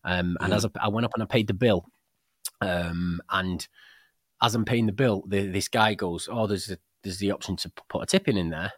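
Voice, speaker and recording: A man's voice: deep voice, moderate pace, no room sound, clean studio sound. A British man co-hosting a casual podcast chat. He rambles through anecdotes with many restarts and acts out the people in them. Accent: British English. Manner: rambling storyteller, many restarts and animated quoted dialogue. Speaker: podcast co-host. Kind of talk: casual chat about a book.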